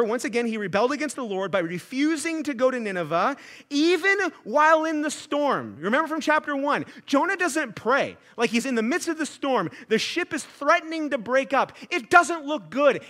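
A pastor in his thirties preaches an earnest sermon, rising into emphatic, fervent passages. His voice sits high and carries a bright, forceful edge. He talks in a loose, conversational way, with "like" dropped in often.

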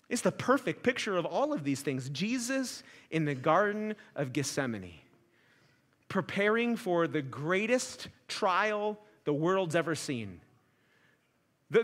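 A young male pastor delivering an impassioned sermon in a high, bright voice. He swings from loud, pleading peaks down to hushed, quiet stretches.

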